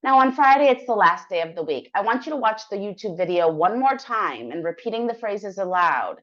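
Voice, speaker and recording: A woman teaching English online, explaining a weekly practice plan step by step in a clear, encouraging way. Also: mid-range voice, expressive, brisk, a bit bright. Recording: dull lo-fi sound.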